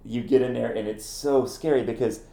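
A middle-aged man, a ministry founder and former campus minister, telling stories in an interview in an animated way, laughing at himself. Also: mid-range voice, normal speed, vocal fry, echoey room. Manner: animated, acts out quoted voices, laughs at himself. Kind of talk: conversational interview storytelling.

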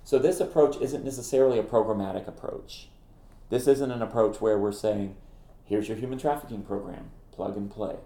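A middle-aged man, a ministry founder and former campus minister, telling stories in an interview in an animated way, laughing at himself. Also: lowish voice, brisk, echoey room. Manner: animated, acts out quoted voices, laughs at himself. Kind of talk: conversational interview storytelling.

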